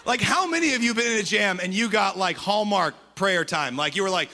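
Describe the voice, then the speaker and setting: A man preaching a sermon as a pastor, energetic and humorous, with quick conversational asides. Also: high-pitched.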